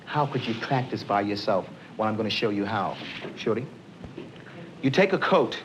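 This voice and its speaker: A middle-aged male police officer teaching a live self-defense class, energetic and coaxing, quizzing the group as he demonstrates. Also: fairly low pitch, normal speed, background noise. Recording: dull lo-fi 1970s film sound.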